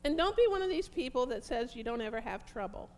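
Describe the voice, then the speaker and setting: A woman preaching a fervent, prayerful sermon, reading scripture slowly and emphatically. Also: on the high side, sing-song, darkish tone, a little hiss or hum.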